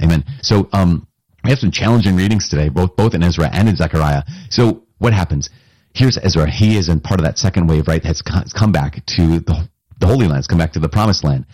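A man's voice: sits low, a little fast, darkish tone, breathy edge, no room sound. A man giving a conversational, earnest sermon, often checking in with his listeners. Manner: conversational, earnest, with frequent restarts and asides to listeners. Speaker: priest.

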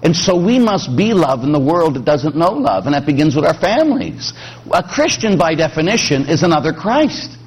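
A man's voice: fairly high pitch, moderate pace, slightly rough. A middle-aged man from Pittsburgh, a priest preaching a sermon with jokes, acting out quoted voices. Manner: animated, joking, acts out quoted voices.

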